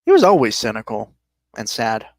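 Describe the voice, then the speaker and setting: A man's voice: on the low side, huge pitch swings, moderate pace, darkish tone, no room sound. A man co-hosting a podcast in casual chat, with a teasing, hesitant way of talking. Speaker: podcast co-host.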